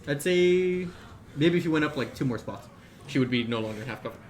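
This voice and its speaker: A man's voice: on the high side, lively intonation, fairly quick, a little mellow. A young man running a tabletop game as game master, laid-back with many fillers and laughs. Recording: echoey room with faint noise.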